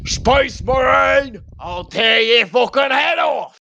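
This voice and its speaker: A man's voice: animated, slow pace, lo-fi sound, faint music behind, exaggerated voice. A man voicing a brutish, bloodthirsty male orc warrior from a sci-fi war game, hollering battle cries. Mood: rowdy. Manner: shouted, high and gruff battle cries.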